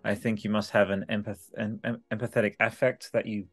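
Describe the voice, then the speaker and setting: A man's voice: on the low side, level tone. Joking Australian man co-host. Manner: joking and teasing, quick banter. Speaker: podcast co-host. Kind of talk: casual podcast conversation.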